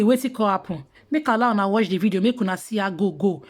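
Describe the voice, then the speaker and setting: A woman with a Nigerian Pidgin accent telling gossip in casual commentary, mocking and animated, sometimes dropping to hushed asides. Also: mid-range voice, a little fast, few pauses. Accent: Nigerian Pidgin English.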